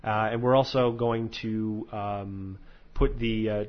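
A man's voice: lowish voice, steady tone, slow pace. Rambling lo-fi podcast host, a man. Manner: rambling, filler-heavy, swears freely. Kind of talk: casual podcast chat. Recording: slightly dull lo-fi audio.

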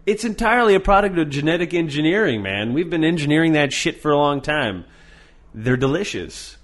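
A man's voice: a little high, fairly quick. A man hosting a podcast, chatting casually, swearing and mocking with plenty of energy. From Canada. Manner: profane, mocking, animated. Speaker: podcast host.

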